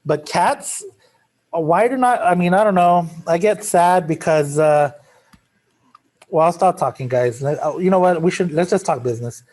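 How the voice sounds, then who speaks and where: A man's voice: a little high, normal speed, darkish tone. A male math teacher giving a classroom lecture in a casual, joking way, drifting into chatty asides.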